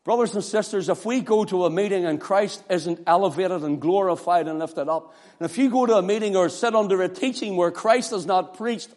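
High-voiced preacher in an echoey hall. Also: male voice, fairly quick, few pauses. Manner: swings from loud exclamations to hushed near-whispers. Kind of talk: impassioned sermon.

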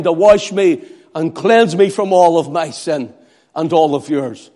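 A male preacher with a high-pitched voice. He delivers the sermon dramatically, acting out the cries of a crowd and the pleas of beggars. His voice climbs sharply on the acted shouts and drops low and quiet between them. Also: unhurried.

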